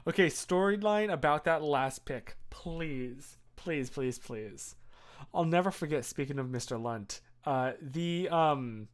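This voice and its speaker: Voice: medium pitch, lively intonation, takes it slowly. A streamer in their thirties chatting casually on a live stream, reading chat and rambling with many fillers and restarts.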